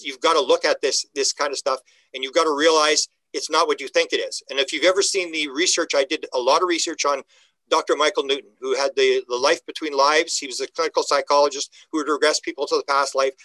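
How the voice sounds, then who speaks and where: Male interview guest, bright forceful tone, slightly high, dry close sound, animated storyteller. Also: no room sound, poor audio. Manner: acts out the voices of the people he quotes, with lively pitch jumps.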